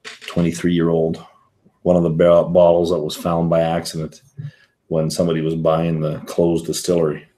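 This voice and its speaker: A man's voice: sits low, completely flat delivery, moderate pace, dark tone. A man hosting a whisky livestream, rambling casually and answering viewer comments as he reads them. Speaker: whisky show host.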